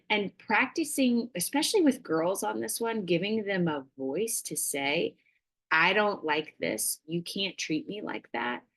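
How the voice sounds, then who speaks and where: A woman giving a casual parenting workshop, chatty and full of fillers, acting out little dialogues. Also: mid-range voice.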